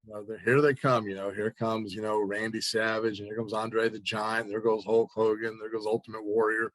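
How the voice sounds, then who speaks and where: A man telling an animated anecdote as an interview guest, acting out the other people's lines and laughing along. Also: lowish voice, fairly quick, no echo. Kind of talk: casual storytelling.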